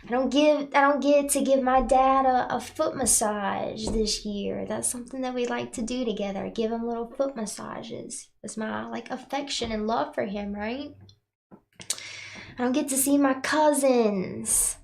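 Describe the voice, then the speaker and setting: Earnest woman, slightly high voice. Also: fairly even intonation, a little slow, vocal fry, a little hiss or hum. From North Carolina, USA. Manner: earnest, tags lines with "right?", speaks of herself in third person. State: emotional, near tears. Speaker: spiritual channel host. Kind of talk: heartfelt spiritual talk to viewers.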